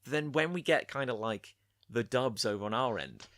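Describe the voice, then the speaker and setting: A man's voice: medium pitch, animated, normal speed, fairly bright tone, no echo, clean studio sound. A man co-hosting a casual chat about an anime episode, searching for words and restarting his sentences. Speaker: podcast co-host.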